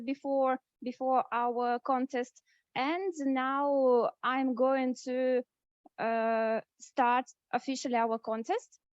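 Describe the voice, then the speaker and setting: Halting high-voiced woman chairing a contest. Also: darkish tone, no room sound. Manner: halting, many fillers and restarts. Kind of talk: hesitant meeting chairing. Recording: dull lo-fi sound.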